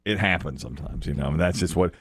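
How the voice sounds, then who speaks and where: A man's voice: sits low, rapid-fire, husky, dry recording. A man co-hosting a casual chat, telling stories and laughing often. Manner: laughs often, animated storytelling.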